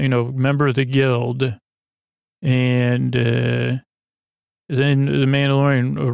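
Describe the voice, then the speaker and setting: Guy doing a rambly sleep podcast recap, lots of uhs, flat gravelly voice. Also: mid-range voice, no echo, studio quality. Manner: halting, many fillers and restarts. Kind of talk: rambling bedtime episode recap.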